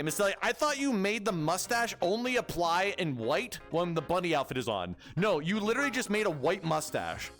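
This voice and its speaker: A man's voice: high voice, a bit bright. A young man streaming as a VTuber, chatting and joking with his chat in a rambling way. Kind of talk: casual livestream chat.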